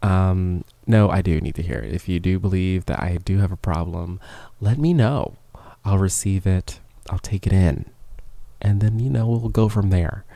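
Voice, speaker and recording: A podcast host with a low, gravelly, mellow voice talks at normal speed in a casual, rambling monologue, loose and self-mocking, sometimes dropping to a whisper. He sits close to a professional studio microphone in a small studio, with no echo.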